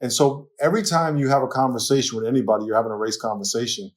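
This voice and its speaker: Man, New York accent, pastor, casual interview talk, animated, laughs often, mid-range voice. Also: mid-range voice, racing. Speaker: pastor guest.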